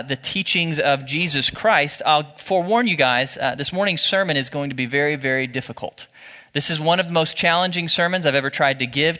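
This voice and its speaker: Male pastor, sermon delivery, conversational yet animated, bright tone, church reverb. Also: fairly high pitch. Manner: conversational preaching that rises to animated emphasis. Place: church sanctuary. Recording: church hall with long reverb.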